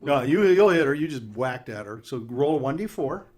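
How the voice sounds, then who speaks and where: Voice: medium pitch, expressive, brisk, a crowd in the background. Casual game master calling rolls. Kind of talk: running a tabletop game.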